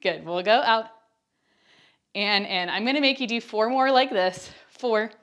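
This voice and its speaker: A woman's voice: fairly high pitch, a little slow, a bit bright. A woman instructing a follow-along Pilates workout, counting reps and giving upbeat cues with chatty asides while she is out of breath.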